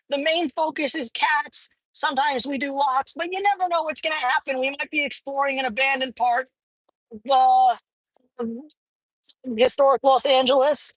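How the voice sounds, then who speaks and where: A woman with a high, breathy voice vlogs casually from inside her car as she drives, rambling with plenty of fillers and the occasional curse. The recording is dry, with no echo, and of low quality.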